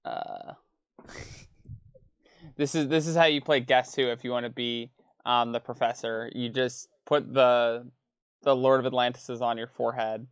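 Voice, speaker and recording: A man's voice: mid-range voice, fairly even intonation, unhurried, long pauses, clean tone, no room sound. A man streaming a card game, chatting casually with joking, mumbling asides. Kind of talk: casual chat while playing a card game.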